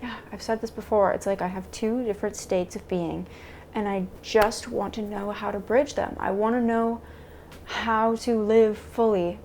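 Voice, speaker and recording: A woman vlogs a confessional monologue to camera, talking to herself haltingly, searching for words and restarting often. Her voice is medium-pitched, steady, and darkish, picked up by the camera mic with slight background noise.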